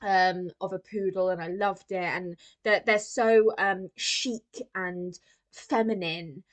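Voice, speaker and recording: A young woman co-hosting a film podcast in casual chat, bubbly and quick to laugh, often acting out lines. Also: medium pitch, fairly even intonation. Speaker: podcast co-host.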